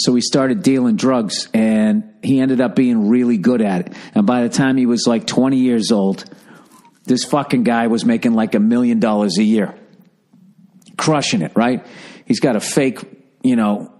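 A man's voice: medium pitch, darkish tone. A man hosting a podcast, telling a long story in a loose, swearing, digressive way and correcting himself as he goes. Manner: profane, digressive, corrects himself mid-sentence. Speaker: podcast host. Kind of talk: rambling comic storytelling.

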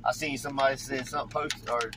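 A man with a Southern drawl vlogging casually, rambling in a folksy, animated way. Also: mid-range voice, fast talker, noisy background. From Virginia. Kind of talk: casual chat, vlogging while driving.

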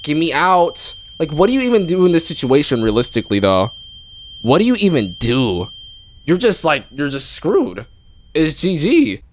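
A man giving live gameplay commentary on a horror game in casual slang. He is jumpy and excitable, and yelps when something startles him. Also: on the high side, moderate pace, slight background noise. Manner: casual slang, calls the game bro and dog. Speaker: streamer playing a horror game. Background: game music.

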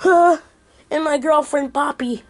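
A woman's voice: high-pitched, a little slow. A woman voicing a grumpy young male troll in a toy play, explaining himself in a hesitant, rambling way. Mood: sheepish.

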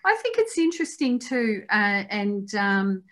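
A woman's voice: medium pitch, sing-song, a little slow, fairly bright tone. Woman interviewer, hesitant and thoughtful. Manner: thoughtful, hesitant, many fillers. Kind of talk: conversational interview. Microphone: video call.

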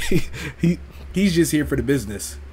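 A man's voice: a little high, big pitch swings, moderate pace, a little mellow, a little hiss or hum. A man streaming a casual reaction, rambling and repeating himself as he tells stories and laughs along.

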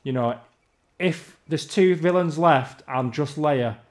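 A man's voice: on the high side, takes it slowly, darkish tone. Ranting man gaming. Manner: ranting, exasperated. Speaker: gamer. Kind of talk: gameplay commentary.

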